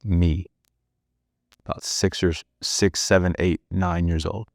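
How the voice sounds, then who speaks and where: A man's voice: low voice, little pitch movement, slow pace, gravelly, no echo, clean studio sound. A man hosting a podcast, telling a reflective story in the second person, earnest and casual with some swearing. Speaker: podcast host.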